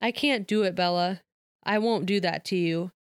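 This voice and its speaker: Woman reading a quiet, anguished male vampire from a novel; smooth tone, dry sound. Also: on the low side, moderate pace, dry recording, lightly acted. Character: brooding centuries-old male vampire, tormented.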